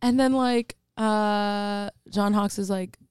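A woman's voice: medium pitch, fairly even intonation, takes it slowly, darkish tone, clear, resonant tone, no room sound. A woman in her twenties co-hosting a podcast, recapping a film in casual, giggly and profane chat. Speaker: podcast co-host.

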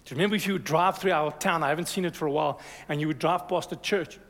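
A man preaching a sermon as a pastor, energetic and exhorting, calling "amen" to the congregation. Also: on the high side, rapid-fire. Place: church hall. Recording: reverberant church hall.

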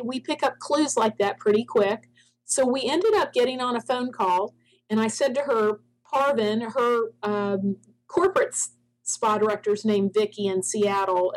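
A woman's voice: mid-range voice, normal speed, low-quality recording. A middle-aged woman, a founder of a spa products company, telling a long story in an interview and acting out the dialogue she quotes.

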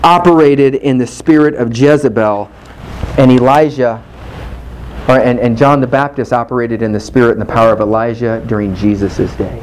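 A man preaching fervently, dropping his voice low to act out quoted speakers. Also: steady tone, moderate pace, a little hiss or hum, rough recording. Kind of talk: impassioned preaching.

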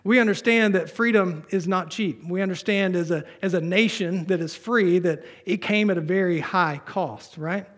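A man with a high-pitched voice is preaching in a church. He reads scripture passages aloud and breaks into relaxed, joking asides to the congregation. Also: moderate pace, hardly any pauses. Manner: conversational preaching with humor, reading scripture aloud. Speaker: pastor. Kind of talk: sermon.

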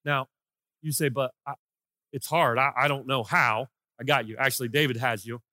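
A man preaching a sermon as pastor, swinging between impassioned shouted lines and hushed, quiet ones. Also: medium pitch, fairly even intonation, moderate pace, no room sound, clean studio sound.

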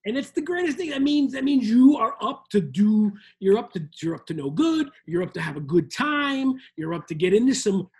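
A man from Miami with a husky, breathy edge to his voice, co-hosting a loose comedic chat. His delivery swings up and down with a lot of life as he playfully tosses Spanish phrases into his talk. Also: sits high, sing-song, moderate pace, few pauses, a little mellow. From Miami, USA. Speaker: co-host.

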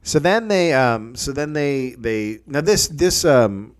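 A man tells a story in casual chat, swearing freely and acting out everyone's lines. His voice swings widely in pitch and sits in a middle register. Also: slow pace, clear, resonant tone. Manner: profane, animated anecdotes with acted quotes.

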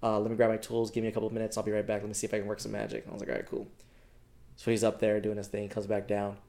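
This young podcast co-host has a fairly low, creaky voice and rapid-fire delivery. Chatting casually, he tells a story in an animated, slangy way, cursing freely and performing what others said as quoted dialogue.

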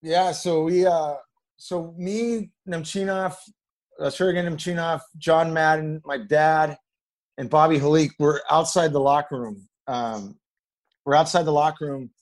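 A man's voice: on the high side, unhurried, low-quality recording. A middle-aged man, a former hockey player, telling locker-room stories in a casual, rambling way, livening up when he quotes teammates. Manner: rambling, animated when quoting others. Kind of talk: casual storytelling.

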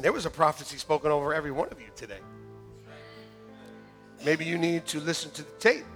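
A man preaching a sermon to his church, joking and lively, then turning quietly earnest. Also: on the high side. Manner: jokey and animated, swinging between loud punchlines and quiet earnest asides. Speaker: pastor. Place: church sanctuary with a congregation. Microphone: church sound system, live-streamed.

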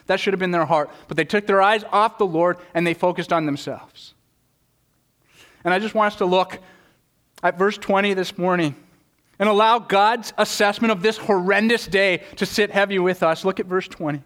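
Earnest man preaching a sermon, slightly high. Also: normal speed, a bit bright. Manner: earnest, repeats words when pressing a point; acts out quoted prayers in a raised voice. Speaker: pastor.

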